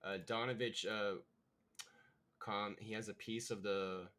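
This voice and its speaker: A man's voice: fairly low pitch, flat delivery, unhurried, a bit bright, clean tone. A man narrating a tabletop game as game master, loosely and in the moment with many fillers.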